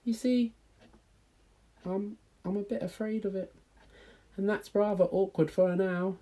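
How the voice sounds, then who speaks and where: A man voicing a small, always hungry baby barn owl in a high, eager, childlike voice. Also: steady tone, unhurried, mellow. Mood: nervous.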